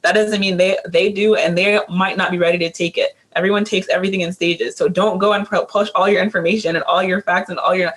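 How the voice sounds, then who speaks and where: A man who works as a teacher, giving casual advice on a panel, talking rapidly with many fillers and restarts. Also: high-pitched, steady tone, fairly bright tone.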